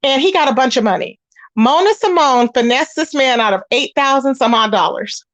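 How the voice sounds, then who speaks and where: A woman with a high, bright-sitting voice spills online drama to her viewers in casual commentary. She tells it in an animated way and slips into the voices of the people she quotes. The sound is dry and close, with no room around it. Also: moderate pace, no room sound. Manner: animated storytelling, acts out quoted voices, talks straight to viewers. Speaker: commentary channel host.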